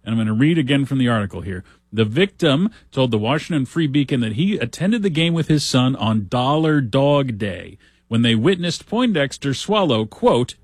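A man's voice: medium pitch, animated, moderate pace, breathy edge, no room sound, clean studio sound. A man hosting a talk show, reading news stories aloud with wry, sarcastic asides in a casual commentary style.

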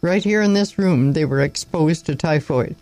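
A man reading the lines of a weary, contemptuous young country doctor who speaks in sharp, clipped phrases. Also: on the high side, normal speed, dry recording, faint music behind, close to an everyday voice.

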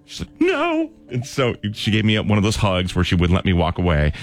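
A man's voice: low voice, a little fast, faint music behind. A man in his thirties co-hosting a radio show, telling an earnest family story with self-deprecating jokes. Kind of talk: casual on-air chat.

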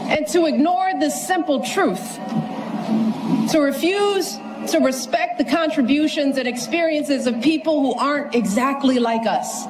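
A woman delivering a formal speech in an earnest, measured way, played as a clip. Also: high voice. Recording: distant speech clip with loud ambient noise.

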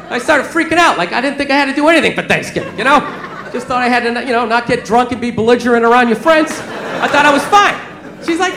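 A man's voice: very high-pitched, animated, quick pace, bright, forceful tone. A man doing a stand-up comedy set on a club stage, telling his stories in a blunt, conversational way. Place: comedy club stage before a laughing crowd. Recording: echoey, noisy live club recording.

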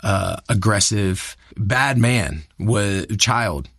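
A man with a fairly low voice speaks in a candid interview, earnest and searching, stumbling over repeated words before he lands his thought. The sound is close and dry, with no room around it. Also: lively intonation, fairly bright tone, dry recording. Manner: earnest, halting, many restarts and repeated words. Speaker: actor, guest.

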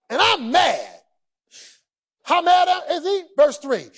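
A male preacher giving a humorous, emphatic sermon in folksy colloquial speech, shouting for emphasis. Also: very high-pitched, sing-song, takes it slowly, long pauses.

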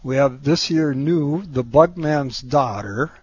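A man's voice: mid-range voice, slow, darkish tone, husky, highs cut off. A man as a guest on a casual radio chat, promoting a town festival in a plain-spoken way full of ums and uhs. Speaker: event organizer guest.

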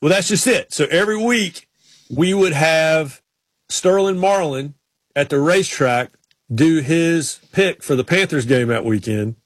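A man's voice: a little high, measured pace, dry recording. A man hosting a casual chat, telling rambling stories with many restarts. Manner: rambling storyteller, frequent restarts. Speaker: podcast host.

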